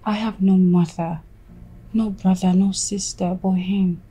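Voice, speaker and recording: A woman playing a soft, pleading young wife. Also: medium pitch, steady tone, measured pace, breathy edge. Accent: Nigerian. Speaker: wife and daughter.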